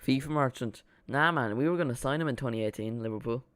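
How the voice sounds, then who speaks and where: A man's voice: mid-range voice, fast, fairly bright tone, smooth, dry recording. Rambling Irish man on a watchalong stream. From Ireland. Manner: chatty, rambling, with frequent restarts. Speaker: streamer hosting a football watchalong. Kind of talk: casual live commentary.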